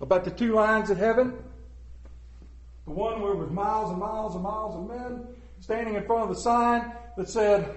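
A male preacher tells jokes and stories to his congregation, swinging between hushed and loud. His fairly high voice echoes around a large hall. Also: normal speed. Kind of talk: folksy sermon. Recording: roomy echoing hall.

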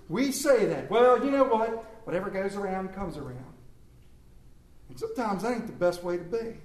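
Male preacher, higher voice, emphatic storytelling sermon, echoey church room. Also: expressive, normal speed. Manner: emphatic, storytelling with calls to the congregation.

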